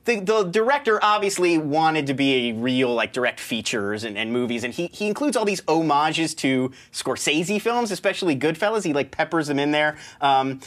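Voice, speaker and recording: A man's voice: fairly high pitch, animated, fairly bright tone. A man hosting a movie segment, reviewing a film casually with sarcastic jokes. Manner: sarcastic, joking, quick asides. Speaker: show host reviewing movies.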